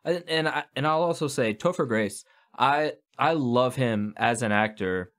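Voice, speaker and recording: A man's voice: medium pitch, lively intonation, measured pace, fairly bright tone. A man co-hosting a podcast, rambling with hesitations and swearing as he talks through films. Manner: rambling, hesitant, full of "you know" and swearing. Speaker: podcast co-host. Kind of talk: casual movie chat.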